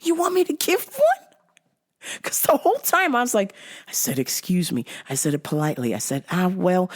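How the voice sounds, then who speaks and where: Woman host, casual exasperated storyteller, heavy swearing, very animated pitch. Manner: profane, exasperated retelling; acts out both sides of a quarrel. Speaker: podcast host.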